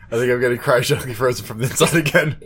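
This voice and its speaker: Playful, husky-voiced man chatting. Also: medium pitch, very fast, a bit bright. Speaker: podcast co-host. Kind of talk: casual chat.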